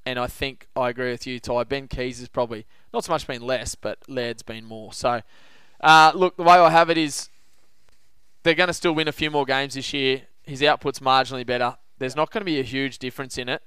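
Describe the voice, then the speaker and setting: A man's voice: medium pitch, fairly quick, clean tone, dry recording. Confident Australian man hosting sports chat. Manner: confident, animated tipster banter. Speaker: podcast host. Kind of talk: casual sports betting chat.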